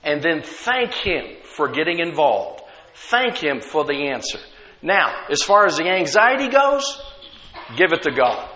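Male pastor, sermon delivery, animated and higher-pitched, echoing sanctuary. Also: a little slow. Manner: conversational preaching with rhetorical questions.

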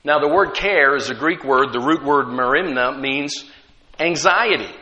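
A man's voice: on the high side, sharp tone, in a large hall, highs cut off. A man preaching a sermon as pastor, conversational, with frequent rhetorical questions to the congregation.

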